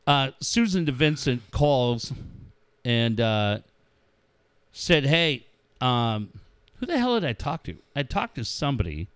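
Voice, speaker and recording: A man's voice: mid-range voice, very animated, measured pace, long pauses, fairly bright tone, smooth, dry recording. A middle-aged man, a guest on a talk show, telling profane, joking stories about his kids and acting out the quotes. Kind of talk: casual storytelling chat.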